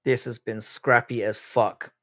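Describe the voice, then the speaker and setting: A man's voice: mid-range voice, flat delivery, measured pace, bright, forceful tone. An Irish man hosting a live fight watch-along stream, reacting casually and profanely and reading out chat messages. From Ireland. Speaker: livestream host.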